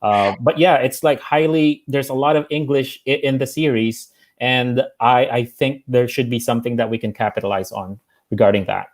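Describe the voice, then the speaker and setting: A man's voice: mid-range voice, steady tone, normal speed. A Filipino American man in a casual livestream discussion, talking thoughtfully with many fillers and restarts. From United States. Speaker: panelist.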